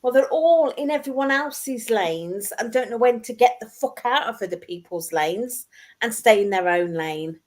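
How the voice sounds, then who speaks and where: A woman's voice: on the high side, animated, moderate pace. A woman guest in a casual group chat who speaks bluntly and outspokenly.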